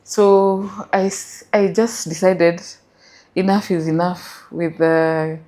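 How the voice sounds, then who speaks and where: A woman's voice: fairly low pitch, fairly even intonation, slow, mellow. A middle-aged woman with a Kenyan accent, telling her story as an interview guest and mixing English with Swahili.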